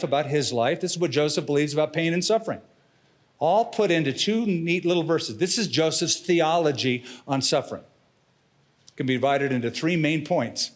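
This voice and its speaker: A middle-aged man preaching a sermon as pastor, dramatic and expressive, slipping in casual slang. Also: a little high.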